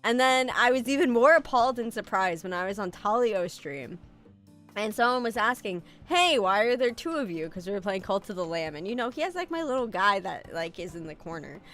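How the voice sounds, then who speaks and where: Lively, animated woman streamer. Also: mid-range voice, a little fast, faint music behind. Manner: animated, swearing, self-mocking, reads chat aloud. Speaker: VTuber streamer. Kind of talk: casual live-stream chat.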